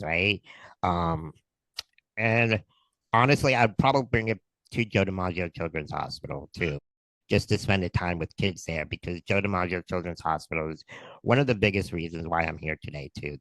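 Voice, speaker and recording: Deep-voiced man telling a story excitedly. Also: no echo, poor audio. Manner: excited, animated retelling with quoted dialogue. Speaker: guest. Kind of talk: casual storytelling.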